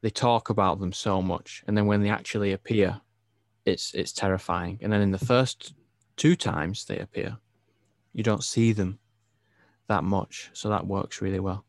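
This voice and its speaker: A man from England co-hosting a casual film review chat, opinionated and animated. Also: lowish voice, moderate pace, dry recording. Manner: animated, opinionated, laughs easily. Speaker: podcast co-host.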